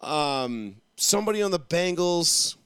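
Young male co-host, raised pitch, crude and lively, dry close sound. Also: a little slow, clear, resonant tone, dry recording. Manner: profane, animated storytelling. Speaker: podcast co-host. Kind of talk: casual chat.

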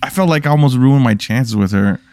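A man's voice: medium pitch, a little fast, darkish tone, dry recording. Stammering man in mock-earnest banter. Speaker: guest playing along. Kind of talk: improvised comedic banter.

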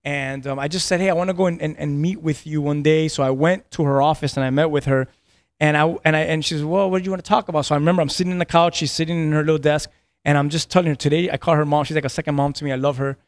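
A pastor in his thirties, his voice a little high and steady, speaks fast with no echo as he relates a personal story on a podcast. He's earnest, tends to repeat words, and laughs between lines.

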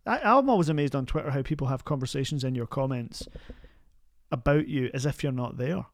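A man, a comedian guest on a podcast, talking in a wry, deadpan way and slipping in jokes. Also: mid-range voice, a little fast. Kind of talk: casual podcast interview.

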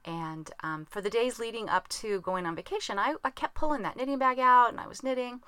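A woman's voice: on the high side, brisk, sharp tone, smooth, no room sound. A woman hosting a podcast in casual chat, rambling and laughing at herself, recorded in a small closet. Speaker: podcast host.

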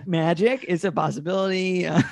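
A man's voice: high voice, creaky, darkish tone, slightly rough, no room sound, clean studio sound. A young man hosting a casual comedy chat, rambling with restarts and frequent laughs. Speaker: podcast host.

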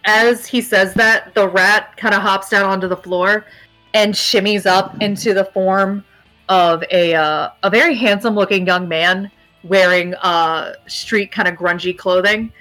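A woman's voice: medium pitch, steady tone, unhurried, pushed and bright, faint music behind. A woman narrating a tabletop game as game master, casual and rambling. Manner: casual, rambling with fillers, laughs easily.

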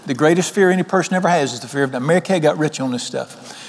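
A man's voice: fairly high pitch, fast talker, slight background noise. Folksy preacher man in his sixties. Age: 60s. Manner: folksy, animated, asks the crowd questions. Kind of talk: sermon. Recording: long hall reverb.

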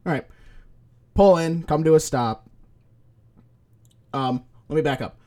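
A man's voice: on the high side, slow, darkish tone. Rambling man telling a work story. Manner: rambling storyteller, swears freely. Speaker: podcast co-host. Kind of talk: casual chat.

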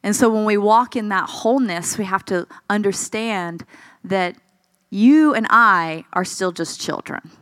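A woman preaching a sermon in a conversational, expressive way, asking the congregation questions and acting out the voices she quotes. She sounds a little tired. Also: medium pitch, a little slow, dry recording.

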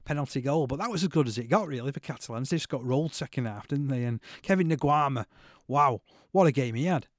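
A man's voice: medium pitch, animated, quick pace, dry recording, clean studio sound. A man hosting a podcast, chatting casually about sport and often checking for agreement with tag questions. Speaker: podcast host.

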